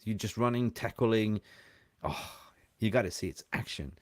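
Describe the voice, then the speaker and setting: A man hosting a live call-in show, chatting casually and rambling, quick to laugh. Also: lowish voice, animated, no echo, studio quality.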